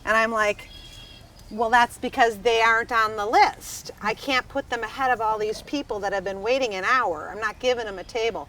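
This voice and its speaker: A woman from Wisconsin, a restaurant dining room manager, telling stories in a lively, emphatic casual chat. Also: fairly high pitch, moderate pace. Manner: animated, emphatic storyteller. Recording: slightly distant mic, faint background noise.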